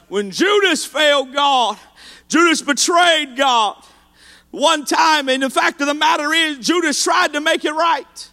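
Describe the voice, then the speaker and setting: A man preaching a sermon to his church, building from calm storytelling to shouted, sing-song exhortation with "uh" between phrases. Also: very high-pitched, long reverb tail.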